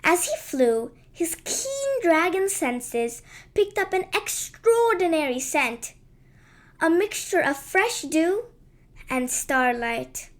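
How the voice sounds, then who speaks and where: A woman narrating a children's bedtime story in a gentle, lilting and unhurried way. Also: very high voice, sing-song.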